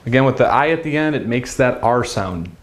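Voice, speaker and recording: A man teaching a beginners' Chinese lesson at a whiteboard, talking in an upbeat, direct way and sounding out drill syllables with big swings in pitch. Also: animated, brisk.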